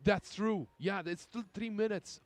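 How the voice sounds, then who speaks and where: A male esports co-commentator chatting casually beside the main caster, relaxed and quick to agree. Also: sits high. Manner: relaxed, reacts with short agreements. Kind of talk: casual analyst chat.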